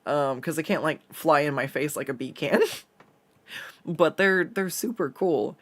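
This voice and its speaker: Male art streamer, slightly high voice, loose rambling chat full of fillers. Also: unhurried, a bit bright. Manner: rambling, chatty storytelling with many fillers and laughs. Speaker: artist streaming a drawing session. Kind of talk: casual chat while drawing.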